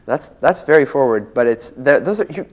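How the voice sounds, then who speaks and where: A man's voice: mid-range voice, lively intonation, normal speed. A young man playing the bachelor on a comedic dating game show, rambling and stammering as he asks questions. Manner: rambling, flustered, stammering restarts. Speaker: bachelor contestant.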